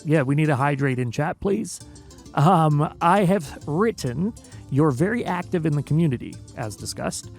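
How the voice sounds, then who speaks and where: A man hosting a casual livestream interview, telling stories in an animated way and laughing often. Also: fairly high pitch, moderate pace, soft background music. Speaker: interview host.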